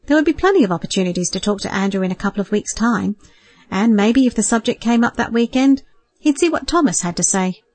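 Calm woman narrating a novel. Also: a little high. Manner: calm, measured storytelling. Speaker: audiobook narrator. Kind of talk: scripted narration.

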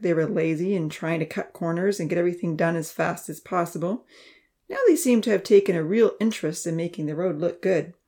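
A woman narrating a children's story aloud, softly voicing the characters and dropping to near-whispers for hushed asides. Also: fairly low pitch. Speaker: audiobook narrator. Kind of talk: scripted narration with character dialogue.

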